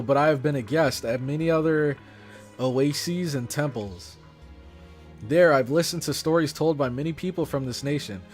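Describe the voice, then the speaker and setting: A hot-headed young woman monk lectures a king with loud, emphatic indignation, as a man reads her lines. The voice sits a little high and pushes hard on the stressed words. Soft music plays in the background. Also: close to an everyday voice. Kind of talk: reading game dialogue aloud.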